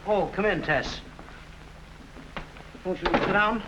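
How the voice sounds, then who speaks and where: A grave formal official. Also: male voice, sits high, noisy background. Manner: formal, measured. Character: earnest city official, adult man, grave.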